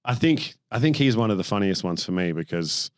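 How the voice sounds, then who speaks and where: A young man hosting a podcast, telling rambling, animated stories and swearing freely. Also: fairly low pitch, a little fast, dry recording, studio quality. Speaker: podcast host. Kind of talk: casual chat.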